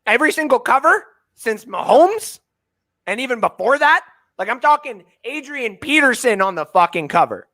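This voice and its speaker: A Canadian man in his thirties co-hosting a sports podcast, ranting with heavy swearing, swinging from shouting to muttering. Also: very high-pitched, big pitch swings, normal speed. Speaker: fantasy sports podcast co-host.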